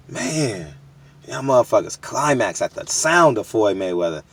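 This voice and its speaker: A man's voice: medium pitch, big pitch swings, slow pace, slightly rough. A man in his thirties from the United States, talking straight to his viewers in a candid, emphatic, street-casual monologue full of repeats. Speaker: boxing media vlogger.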